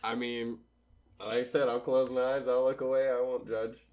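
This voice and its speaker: A man's voice: medium pitch, level tone, normal speed, darkish tone. A young man co-hosting a podcast in casual chat, joking and laughing at himself. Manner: joking, laughs often, self-mocking. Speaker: podcast co-host.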